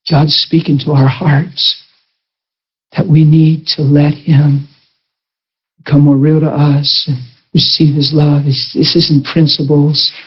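A man's voice: a little high, breathy edge. A man preaching a sermon testimony, telling a story and acting out the dialogue, with emphatic rising peaks. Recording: dull lo-fi sound.

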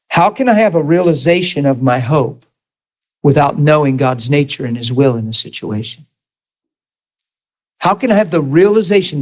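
Animated preaching man. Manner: animated, rising to high emphatic questions to the crowd; storytelling, drops to soft low retelling. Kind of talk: sermon.

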